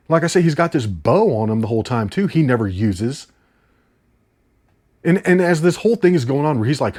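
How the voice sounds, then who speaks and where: A man's voice: mid-range voice, a little mellow. A man reviewing a movie in a casual, incredulous rant, swearing casually.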